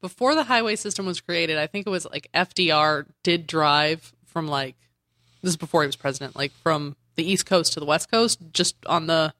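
A man co-hosting a podcast recaps a comic in loose, rambling chat, laughing often and slipping into characters' lines. His voice is bright and forward, recorded close and dry with no room sound. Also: on the high side, moderate pace, no room sound. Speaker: podcast co-host.

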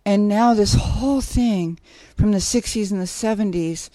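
A woman's voice: mid-range voice, unhurried, dark tone, no echo. A woman guest in a casual podcast conversation, telling stories in a rambling way with many restarts and easy laughter.

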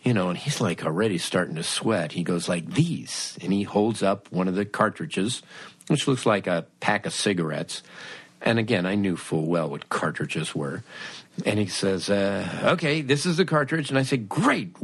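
A man's voice: lowish voice, animated, moderate pace, slightly rough, no echo. Man, middle-aged, wry storyteller, acts out dialogue, dry close recording. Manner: acts out both sides of a conversation; wry, self-mocking. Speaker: podcast host. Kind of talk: storytelling monologue.

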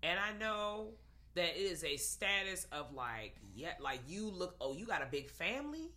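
Lively, dramatic woman reviewing films. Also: lowish voice, normal speed. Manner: animated, dramatic reactions. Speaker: podcast co-host. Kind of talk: casual movie review chat.

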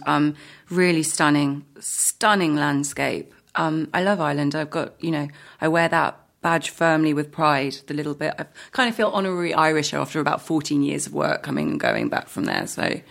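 Gravelly low-voiced woman, chatty. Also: fairly bright tone. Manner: chatty, laughing, many restarts. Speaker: actor and guest. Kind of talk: casual interview chat.

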